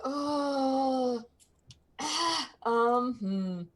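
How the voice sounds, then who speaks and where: A woman's voice: high voice, drawn-out words. Laughing woman playing a tabletop game. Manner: laughing, animated and profane. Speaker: player.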